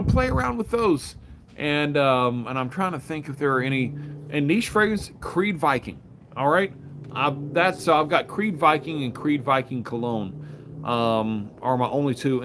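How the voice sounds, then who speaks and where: A man's voice: medium pitch, slight background noise. A man in his thirties chatting casually on a home live stream, rambling and openly emotional. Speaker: live stream host reviewing fragrances.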